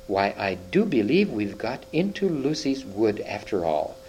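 A bluff, fair-minded eldest boy in a storybook, as a man reading aloud acts him out. He speaks with hearty schoolboy exclamations and a lively, swinging pitch, set a little higher than the reader's own voice. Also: a little slow, a little hiss or hum, rough recording. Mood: excited.

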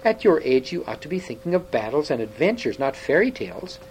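A man's voice: fairly high pitch, very animated, a little fast, darkish tone, slight background noise, pitched above the performer's own voice, rough recording. A man reading aloud, voicing a stern, domineering king who speaks in cold, thundering commands.

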